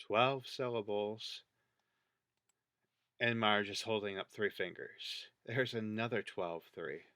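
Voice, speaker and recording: A man's voice: fairly low pitch, steady tone, takes it slowly, bright, forceful tone, no room sound, studio quality. A man giving casual commentary over video clips, thinking aloud and counting things out as he points them out. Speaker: video creator.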